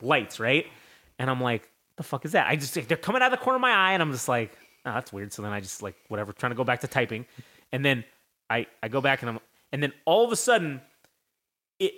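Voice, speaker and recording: Animated, profane young man telling a story. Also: medium pitch. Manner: animated, profane, acts out voices in his story. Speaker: podcast host. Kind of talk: casual storytelling.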